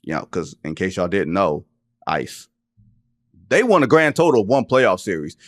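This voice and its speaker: A low-pitched man in his thirties hosts a sports podcast, riffing in an animated, joking way. His delivery is emphatic and full of casual slang. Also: moderate pace, no room sound, clean studio sound. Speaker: podcast host, NBA reporter.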